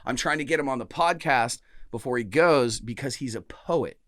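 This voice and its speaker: A man's voice: mid-range voice, moderate pace, a bit bright, dry recording, clean studio sound. Joking, profane podcast co-host guy. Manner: loose, joking, profane banter. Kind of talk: casual chat.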